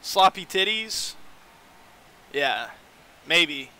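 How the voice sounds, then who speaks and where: A young man casually commentating a baseball video game on a live stream, joking with his chat and getting excitable. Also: a little high, extremely slow.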